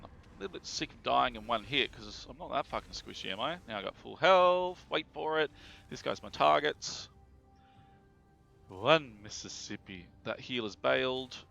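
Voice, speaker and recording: This game streamer, a man with an Australian accent, has a mid-range voice with lively intonation, vocal fry, and a sharp tone at normal speed. He gives chatty live commentary as he plays, swearing freely and reacting aloud to the game. The stream audio is dull and lo-fi, with game music underneath.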